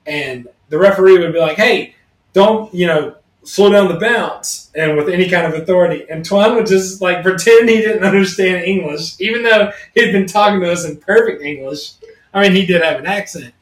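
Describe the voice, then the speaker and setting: Man, fairly high voice, rambling storyteller, roomy echo, a bit off-mic. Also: a little fast, far from the mic. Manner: rambling, animated storyteller who acts out quotes. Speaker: podcast co-host. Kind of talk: casual storytelling chat.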